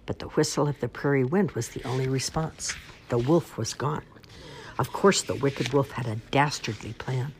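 A woman reads a children's storybook aloud in a measured, expressive way. Her voice is very low for a woman and has a husky grain. She takes her time over each line. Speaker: narrator.

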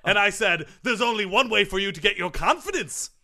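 A man's voice: sits high, lively intonation, fairly quick, creaky, sharp tone, full character voice. A man playing a smug, eccentric male tennis grunt coach in an improvised comedy sketch, talking in a pompous, theatrical way. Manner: pompous, theatrical, over-the-top. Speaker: comedy podcast sketch performer.

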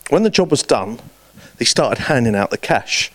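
Guy preaching a sermon, animated storytelling, gets loud then goes quiet, dry close sound. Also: medium pitch, normal speed, no echo. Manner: lively storytelling, shifts between loud and hushed.

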